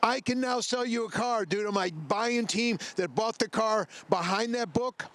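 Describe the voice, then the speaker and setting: A man, a car dealer making an emphatic sales pitch that repeats its slogans and talks straight to buyers. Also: normal speed, fairly bright tone.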